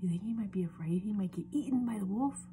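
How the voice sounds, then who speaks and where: A young woman reading a picture book aloud to children, animated and often dropping into a whisper. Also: medium pitch, fast talker, noisy background. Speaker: storyteller.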